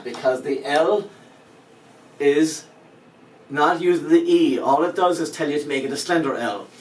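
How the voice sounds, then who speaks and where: A male language teacher explaining pronunciation step by step, patient and lightly joking. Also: mid-range voice. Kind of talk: spoken language lesson. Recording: roomy echo, mic at a distance, faint background noise.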